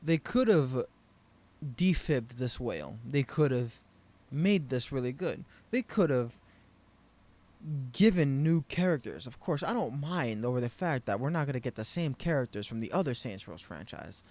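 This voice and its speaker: A man's voice: medium pitch, animated, normal speed. Swearing, rambling man ranting about games. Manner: profane, rambling, frustrated ranting with loud bursts. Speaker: game commentary vlogger. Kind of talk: unscripted game review rant.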